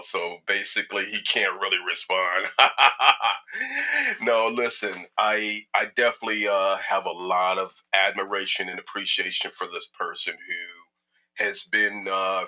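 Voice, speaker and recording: A man's voice: deep voice, sharp tone, poor audio. A male talk show host from Chicago, introducing his guest in a chatty, joking way with plenty of filler words. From Chicago, United States. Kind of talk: casual interview introduction.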